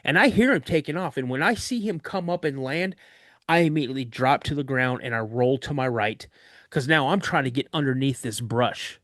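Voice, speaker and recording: Animated man telling a tale. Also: medium pitch, fairly quick, dry recording, studio quality. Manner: animated, acts out other voices. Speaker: podcast guest. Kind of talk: storytelling an encounter.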